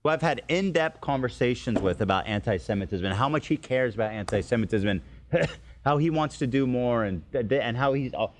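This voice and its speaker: A man's voice: mid-range voice, expressive, fairly quick, noisy background. Laughing male podcast storyteller. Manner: laughing storyteller, acting out quotes. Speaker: podcast co-host. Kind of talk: casual podcast chat.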